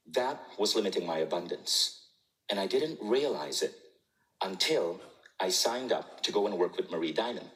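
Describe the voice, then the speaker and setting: A man in his forties with a lowish voice speaks on stage to a live audience. He tells stories with animation, often chuckling. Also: expressive, moderate pace, fairly bright tone, poor audio. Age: 40s. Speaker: keynote speaker. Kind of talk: storytelling talk on stage.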